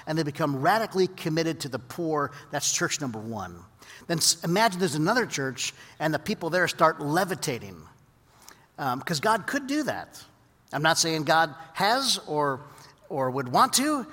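Reverberant preacher man, high-pitched. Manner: lively storyteller, drops to quiet earnest teaching. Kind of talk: sermon with storytelling. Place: large hall with audience. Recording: long hall reverb.

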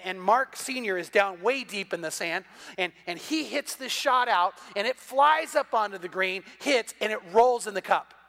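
A middle-aged man preaching a sermon, telling a story with a high, bright voice. He stumbles through quick restarts and acts out the voices of the people he describes. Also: creaky. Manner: animated storyteller, many repeated "and, and" restarts, acts out quoted voices. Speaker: pastor.

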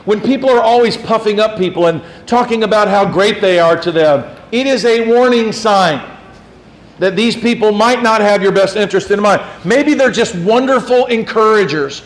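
A man preaching a sermon as pastor, reading scripture in old wording and mimicking flatterers in soft asides. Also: sits high, normal speed, low-quality recording. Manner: reads scripture in King James wording.

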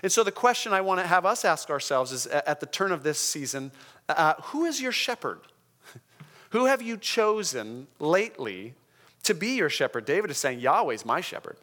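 A man preaching a sermon in a conversational, emphatic way, often slowing down to stress key words. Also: on the high side, sing-song, bright, forceful tone. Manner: conversational, emphatic, checks in with the congregation. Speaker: pastor.

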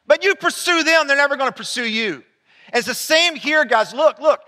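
A man preaching a sermon as pastor, animated and rising to near-shouts when excited. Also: extremely high pitch, brisk, in a large hall.

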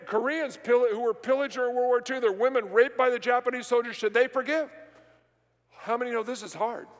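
Male pastor with a high voice, preaching with call-and-response questions; recorded in a big echoing sanctuary. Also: a bit bright. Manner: asks the congregation rhetorical questions and pauses for answers. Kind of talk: sermon. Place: large church sanctuary. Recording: long hall reverb.

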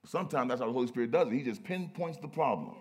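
A man preaching a sermon, who moves from low, quiet stretches to loud, emphatic peaks. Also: lively intonation, very fast.

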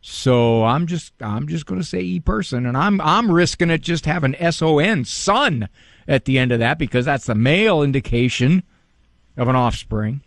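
Male radio host, wry and animated, slightly high voice, dry studio sound. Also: moderate pace, creaky, no room sound. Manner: wry, joking, animated, with playful word games. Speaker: radio talk show host, psychologist. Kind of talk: casual radio monologue.

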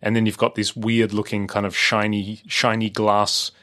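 Podcast co-host, Australian male, low-ish voice, loose and hesitant chat. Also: level tone, normal speed, pushed and bright. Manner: rambling, hesitant, with frequent fillers and restarts. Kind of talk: casual chat.

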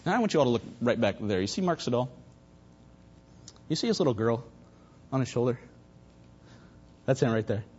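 A man preaching a sermon at a church service, fervent, swinging between loud emphasis and hushed asides. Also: medium pitch, big pitch swings, a little fast, pauses often, breathy edge. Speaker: pastor. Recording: dull lo-fi recording.

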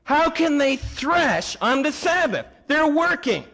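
A man voicing indignant Pharisees in a sermon, with a shrill, scolding tone. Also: sing-song, takes it slowly, vocal fry, bright, forceful tone, full character voice.

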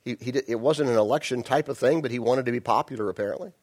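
A man's voice: medium pitch, quick pace, darkish tone. A male pastor preaching in a conversational way, with frequent restarts and asides to the congregation. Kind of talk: sermon.

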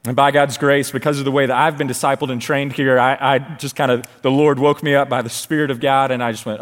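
Energetic male preacher, 30s, storytelling sermon, live church hall reverb. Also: mid-range voice. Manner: excited, storytelling, quick asides. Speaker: children's ministry leader. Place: large church stage.

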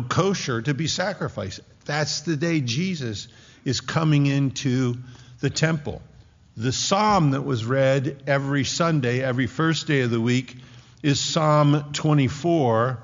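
A man's voice: medium pitch, highs cut off. Earnest male preacher in a reverberant hall. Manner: earnest, conversational preaching with many asides. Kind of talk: sermon.

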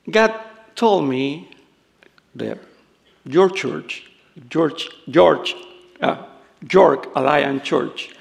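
An older Salvadoran man preaches in slow, halting English with a strong Spanish accent. His voice is deeply gravelly and a touch high for a man, and he keeps slipping into self-deprecating humor and laughter. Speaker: guest preacher. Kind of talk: sermon.

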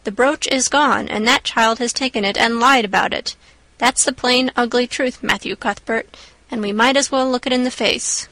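A woman's voice: a little high, moderate pace, a bit bright, no room sound, poor audio. A woman voicing a stern, strict older female guardian who speaks firmly and curtly. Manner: firm, clipped.

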